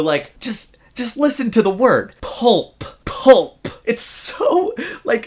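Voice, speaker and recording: A woman talking to her viewers in a playful, musing vlog monologue. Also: fairly low pitch. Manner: playful, animated, musing aloud. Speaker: vlogger.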